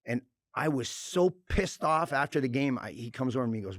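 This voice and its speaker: A man's voice: mid-range voice, fairly quick, hardly any pauses, dry recording, clean studio sound. A middle-aged man, a former hockey enforcer, talking bluntly and with lots of swearing as a podcast guest. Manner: blunt, profane, animated storytelling. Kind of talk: casual chat.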